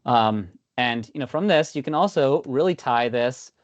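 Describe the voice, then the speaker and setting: A man giving a conversational software demo in an online meeting, full of "you know" and "um". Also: medium pitch, animated, normal speed, no room sound. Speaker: product demo presenter. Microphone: video call. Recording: dull lo-fi video call audio.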